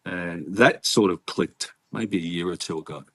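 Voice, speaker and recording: An Australian man talks through his story in a casual interview. His voice sits a little low, and he speaks earnestly, often breaking off and starting over. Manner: earnest, halting storytelling with frequent restarts. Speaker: interview guest.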